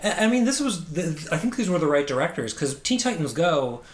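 Male co-host, eager casual chat, voice a bit on the high side. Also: very animated, brisk. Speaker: podcast co-host.

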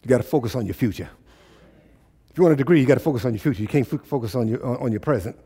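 A man preaching a sermon in a call-and-response style, often climbing into loud exhortation. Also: medium pitch, animated, racing, slightly rough. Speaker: pastor.

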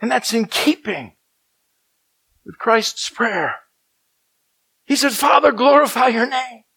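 A man preaching a sermon, swinging from loud emphatic declarations to hushed, near-whispered passages and repeating key phrases. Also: very high voice, lively intonation, slow pace, vocal fry, breathy edge, rough recording. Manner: emphatic repetition.

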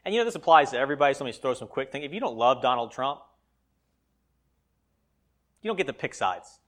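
A male pastor preaching a sermon, swinging between loud emphatic lines and quiet asides. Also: medium pitch, sing-song, fast talker.

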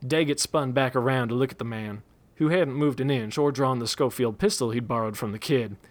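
A man's voice: mid-range voice, a little fast. Man reading a western story aloud.

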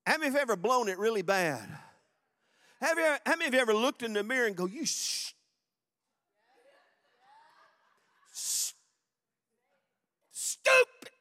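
Male pastor, lively pulpit delivery with big swings in volume and pace, leads call-and-response. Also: very high-pitched. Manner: swings from loud, fast exhortation to soft, slow reflection; calls on the congregation to repeat phrases. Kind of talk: sermon. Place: church sanctuary before a congregation.

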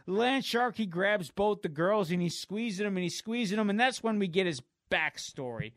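Animated man recapping a comic. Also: high voice, moderate pace, few pauses, dry recording, studio quality. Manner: animated, laughs, voices characters. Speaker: podcast co-host.

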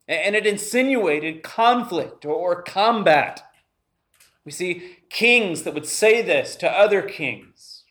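A man's voice: sits high, lively intonation, measured pace. A man preaching a sermon to his congregation, earnestly asking them questions and reading scripture. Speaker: pastor.

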